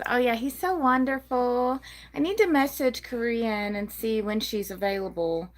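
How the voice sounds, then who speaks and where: A fairly high-voiced woman chatting casually on a livestream about her small gecko business. She rambles with lots of ums and likes and slips into cooing baby talk whenever she holds up a gecko. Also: moderate pace. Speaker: livestream host and gecko breeder.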